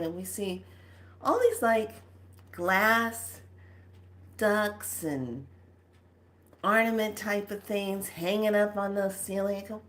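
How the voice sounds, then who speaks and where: A woman hosting a spiritual video, telling a dream story to her viewers in an animated, blunt way, swearing casually and acting out each scene. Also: medium pitch. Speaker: spiritual channeler and video host.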